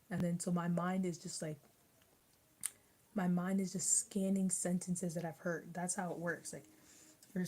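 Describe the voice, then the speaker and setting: A young woman with a warm, lowish voice rambles through a casual mukbang chat, full of restarts, fillers and "like." The low-quality recording has a bit of hiss or hum.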